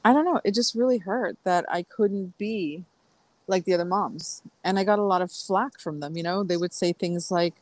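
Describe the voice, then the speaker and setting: A woman's voice: fairly low pitch, moderate pace, no room sound, rough recording. A middle-aged woman chatting as a podcast guest, rambling through stories with fillers and restarts. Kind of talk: casual podcast conversation.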